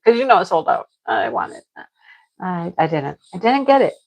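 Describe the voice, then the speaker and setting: A woman's voice: lowish voice, sing-song, fairly quick, creaky, low-quality recording. Chatty woman crafting vlogger. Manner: chatty, rambling, repeats herself. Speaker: crochet vlogger. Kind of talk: casual chat to viewers.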